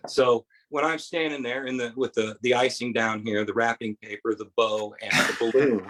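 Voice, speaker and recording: A man's voice: medium pitch, fairly even intonation, moderate pace, a bit bright, slight background noise, rough recording. A man doing a rambling stand-up set on a bar stage, with quoted voices in his stories. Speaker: stand-up comedian.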